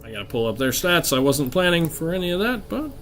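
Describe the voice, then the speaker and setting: A man's voice: on the high side, very animated, quick pace, a loud crowd. A man narrating as game master of a tabletop game, rambling with fillers and restarts.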